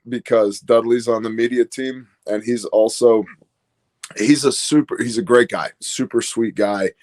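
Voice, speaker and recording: Chatty man telling stories. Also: medium pitch. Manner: fast, rambling, storytelling with many fillers. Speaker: guest, business owner. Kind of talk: casual podcast conversation.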